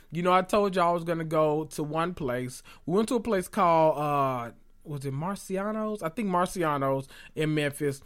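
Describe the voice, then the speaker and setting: A man hosting a podcast, gossiping about reality TV in an animated, sassy and profane way, talking straight to his listeners. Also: on the high side, moderate pace, smooth. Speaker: podcast host. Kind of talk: casual reality TV gossip monologue.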